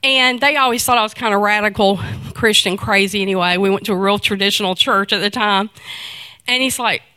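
Animated middle-aged woman telling a faith story. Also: medium pitch, a little fast, smooth, no echo. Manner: animated storytelling, acting out quoted dialogue. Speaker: speaker giving a testimony. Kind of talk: personal faith testimony.

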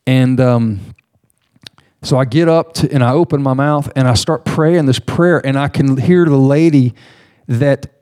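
A man preaching a sermon, telling a personal story in an animated way, with laughs and restarts. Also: medium pitch. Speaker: pastor.

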